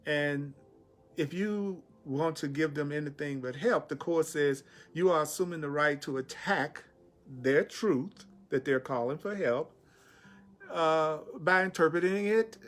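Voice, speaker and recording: A man's voice: a little high, a little slow. A middle-aged man giving a spiritual teaching talk, repeating key phrases with emphasis. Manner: repetitive, emphatic, pleading voice for quotes.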